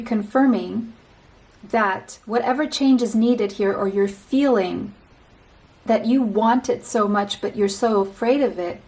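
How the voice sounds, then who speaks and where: A woman giving a pick-a-card tarot reading, speaking straight to the listener in a slow, reassuring way and often repeating a phrase. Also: fairly high pitch, a little mellow, rough recording.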